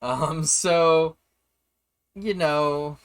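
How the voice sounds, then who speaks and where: A man acting as game master for a tabletop game, explaining the rules in an easygoing, halting way. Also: fairly high pitch, no echo.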